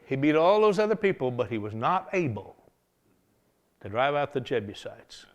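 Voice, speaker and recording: At medium pitch and a normal pace, a man delivers a revival sermon, retelling a Bible story in a folksy, animated style and chuckling often.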